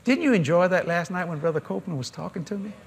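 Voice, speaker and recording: A man's voice: high-pitched, fast, creaky, slight background noise. A middle-aged man, preaching a sermon in a folksy storytelling way at a large convention. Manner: folksy, animated storytelling with laughter.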